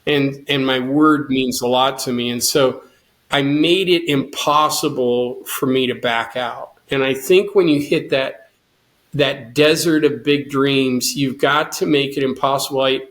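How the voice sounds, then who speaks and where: A man's voice: mid-range voice, fairly even intonation, measured pace, a bit bright. Earnest man telling his story. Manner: earnest, quotes his own thoughts with rising intensity. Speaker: guest, cancer survivor and swimmer. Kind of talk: storytelling interview.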